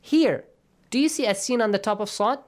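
A man's voice: high-pitched, a little fast. Man, tajweed teacher, patient, step by step, asks "yes?" often. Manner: patient, step-by-step explaining, checks understanding with "yes?". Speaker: Quran recitation teacher. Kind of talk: radio Quran lesson.

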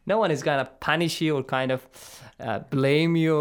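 A man's voice: on the high side, animated, normal speed. Patient, encouraging recitation teacher, man. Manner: patient, encouraging, explains and models sounds. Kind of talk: radio lesson, coaching students.

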